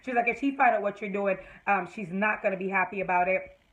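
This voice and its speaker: A woman vlogger giving a chatty, animated recap of a TV episode, full of fillers and restarts. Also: mid-range voice, fast talker, rough recording. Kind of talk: casual recap talk to camera.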